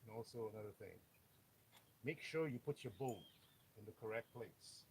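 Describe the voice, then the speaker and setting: A man's voice: lowish voice, expressive, normal speed, a little mellow, a little hiss or hum, low-quality recording. A man streaming live as a mechanic, explaining engine work bluntly with joking asides. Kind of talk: live how-to stream, casual chat. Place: auto workshop.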